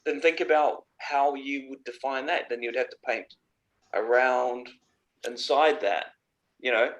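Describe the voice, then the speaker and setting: A man teaching a painting workshop, guiding a student with easygoing suggestions and relaxed chat. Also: mid-range voice, measured pace. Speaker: art tutor. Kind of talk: casual chat and instruction.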